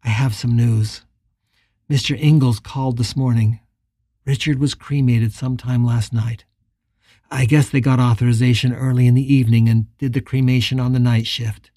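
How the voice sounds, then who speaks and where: An audiobook narrator voicing a soft-spoken woman who talks gently and with concern to a grieving friend on the phone. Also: very deep voice, fairly even intonation, moderate pace, breathy edge, dry recording, clean studio sound, pitched below the performer's own voice.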